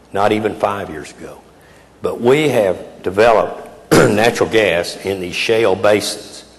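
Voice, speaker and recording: A man in his eighties giving a keynote speech in a folksy, emphatic way with frequent hesitations. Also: sits low. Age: 80s. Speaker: keynote speaker. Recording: reverberant hall, faint noise.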